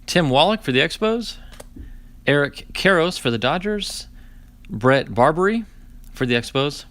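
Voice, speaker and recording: Man in his 40s streaming a card break, chatty, sarcastic storyteller, animated greetings to chat. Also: a little high, measured pace, no echo. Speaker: host opening card packs.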